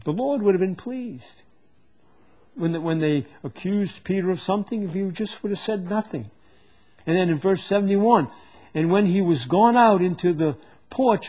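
A man with a husky, slightly raised voice preaches a sermon to a live congregation. He teaches from scripture in a halting way, stumbling and repeating words as he gathers his thoughts. His delivery stays plain and conversational. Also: high voice, a little mellow. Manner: halting, often repeats words while searching for them.

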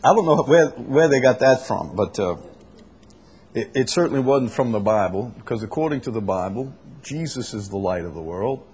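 A man preaching a sermon in a conversational way, reading scripture aloud and explaining it, often clearing his throat. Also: mid-range voice, lively intonation, normal speed, darkish tone, a little hiss or hum. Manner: conversational, with fillers and restarts, reads scripture aloud.

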